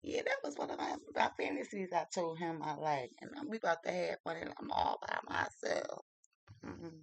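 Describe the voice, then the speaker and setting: A man with a fairly high, sing-song, gravelly voice vlogs from home while doing his makeup, speaking at a moderate pace in a dry recording. He tells a dating story in a gossipy, confiding way, drawling "child" often, like casual storytelling chat.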